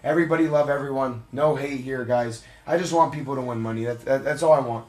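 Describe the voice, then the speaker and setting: A young man hosting a live card break stream, shouting excitedly at big pulls. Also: mid-range voice, fast talker, echoey room.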